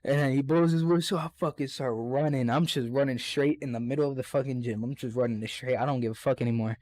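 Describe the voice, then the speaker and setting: A man's voice: mid-range voice, fast, dry recording. A young man tells a rowdy story on a casual podcast. His voice sits in the middle of the range and the mic is close and dry. He swears freely and acts out the lines of the people in his story. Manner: animated, profane storytelling with acted-out quotes. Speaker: podcast co-host.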